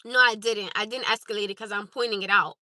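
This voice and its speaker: A woman's voice: mid-range voice, steady tone, fast talker, bright, forceful tone, no echo. A woman hosting a live stream, talking to her chat in an emphatic, insistent way and repeating her points. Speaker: livestream host.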